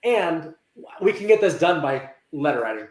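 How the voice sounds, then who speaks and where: A man talking in a casual interview about working with teens. He acts out quoted dialogue in lively voices and often restarts his sentences. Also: a little high, normal speed. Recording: roomy echo.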